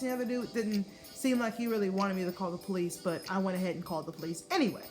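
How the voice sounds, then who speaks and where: A woman's voice: mid-range voice, racing, hardly any pauses, faint music behind. A young adult woman from the United States telling a casual vlog story, swearing freely and acting out what people said in raised voices. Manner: animated, profane, acts out quotes in raised voices. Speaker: vlogger.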